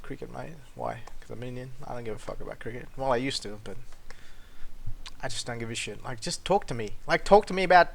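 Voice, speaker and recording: Guy ranting on his show, swears a ton, loud then mumbly, normal mid voice. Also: mid-range voice, quick pace. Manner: blunt, profane, swings between loud outbursts and muttering. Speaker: podcast host. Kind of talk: casual ranting monologue.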